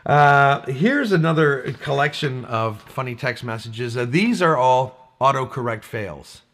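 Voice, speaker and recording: A man's voice: medium pitch, expressive, measured pace, a bit bright. A Canadian man co-hosting a podcast, reading funny text messages aloud in casual chat and chuckling often. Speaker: podcast co-host.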